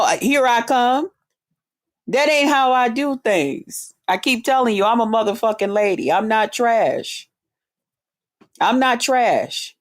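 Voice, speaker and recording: Woman, streamer, heated rant, constant cursing, taunting, a little high-pitched. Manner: profane, confrontational, taunting. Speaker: online streamer. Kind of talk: angry rant to camera.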